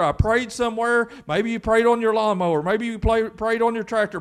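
A man preaching a sermon as pastor, emphatic and full of rhetorical questions. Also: high voice.

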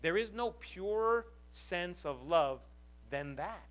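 A man's voice: high-pitched, expressive, slow, a bit bright. A man preaching to his congregation as pastor, earnest and full of rhetorical questions. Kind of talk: sermon.

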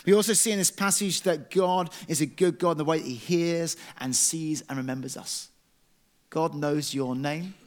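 Man, young adult, sermon, earnest and animated, slightly high voice. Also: normal speed. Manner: earnest, animated storytelling, self-deprecating. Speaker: preacher.

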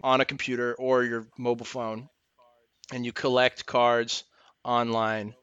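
A man's voice: medium pitch, a bit bright, smooth, no echo, lo-fi sound. A man co-hosting a podcast, explaining things in a rambling, self-mocking way. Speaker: podcast co-host. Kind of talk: casual chat.

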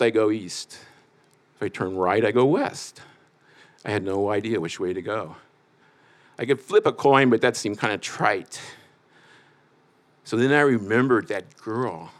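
A man from the Midwest telling a personal story aloud, wry and self-mocking, with a loose conversational flow full of little fillers. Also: medium pitch. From Midwest United States.

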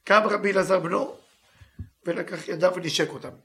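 Guy teaching live, reads a line then translates it in broken english, quick and bright, kinda high voice. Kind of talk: live text lesson, reading and translating.

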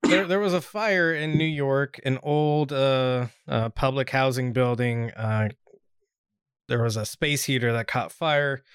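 Laid-back podcast host, dry sound. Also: male voice, mid-range voice, measured pace, smooth, dry recording. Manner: laid-back, many fillers, laughs easily. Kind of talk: casual podcast chat.

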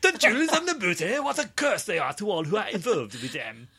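A man's voice: high voice, wildly swooping pitch, fairly quick, bright, forceful tone, voice pushed up, heavily acted. A man voicing a menacing French police captain in an over-the-top fake French accent, laughing through the lines. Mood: interrogating.

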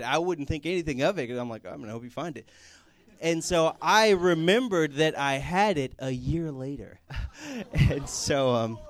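A young male pastor gives a casual sermon, slipping into funny family anecdotes and acting out the voices. His voice sits a little high, and the sound is close and dry with no room echo. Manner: animated, acts out family voices in stories. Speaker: youth pastor.

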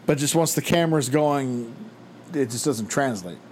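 A man's voice: medium pitch, moderate pace, a little mellow, a little hiss or hum. A man co-hosting a casual podcast, chatty and riffing with crude asides. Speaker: podcast co-host. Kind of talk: casual chat.

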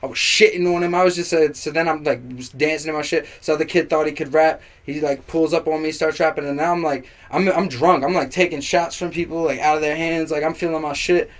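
A young man, a rapper on as a podcast guest, telling a party story in casual chat, animated and profane, packed with fillers. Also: a little high, brisk, hardly any pauses.

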